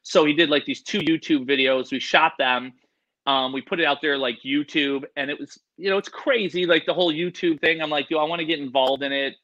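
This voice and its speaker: A man, an animal expert, telling rambling, animated stories in a casual interview. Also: on the high side, fairly quick, lo-fi sound.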